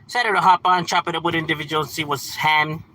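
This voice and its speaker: Man, 30s, livestream host; relaxed slangy chatter, bright edge, slightly raised pitch. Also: a little fast, a little hiss or hum, rough recording. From San Fernando Valley, California. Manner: laid-back, slangy, laughs often. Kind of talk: casual livestream chat.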